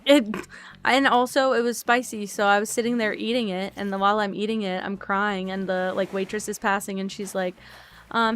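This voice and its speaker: A tired woman streamer chatting casually and softly while she plays a game, rambling and thinking aloud as she goes. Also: medium pitch, steady tone, fairly quick, smooth. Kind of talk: relaxed casual chat while playing a game.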